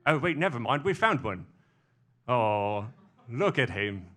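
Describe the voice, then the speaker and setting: A man's voice: mid-range voice, very animated, unhurried, bright, forceful tone, slight background noise. A man on stage impersonating a wry older actor with a London accent, clipped and hesitant. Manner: clipped, hesitant with repeated uhs.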